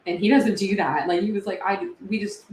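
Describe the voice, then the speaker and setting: A woman's voice: mid-range voice, fairly quick, a little mellow. A woman hosts a casual livestream, answering viewers in a chatty, feeling way full of fillers. Her voice rings in a roomy, echoey space with a faint hum of background noise. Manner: chatty, emotional, many fillers. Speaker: livestream host. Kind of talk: casual livestream chat reading comments.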